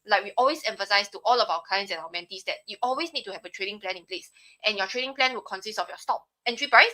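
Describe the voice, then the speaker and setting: Casting: young Singaporean woman, bright tone, live chart analysis, conversational teaching. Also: a little high. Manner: explanatory, frequent "right?" tags. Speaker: trading analyst on a live stream.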